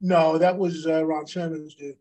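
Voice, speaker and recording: A man in his fifties from the United States, co-hosting a casual chat. His voice is slightly high and stays flat in tone. He reminisces in loose, rambling sentences with many fillers. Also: measured pace, poor audio. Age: 50s. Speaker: co-host, former pro wrestler.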